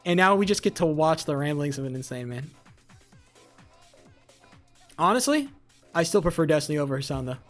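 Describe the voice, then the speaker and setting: Streamer going off, swearing a lot, repeats stuff, mid pitch, quiet music behind. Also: animated, fairly quick, long pauses. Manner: heated, profane, repeats phrases for emphasis; talks back to chat messages. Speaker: live streamer. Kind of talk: casual live-stream political rant.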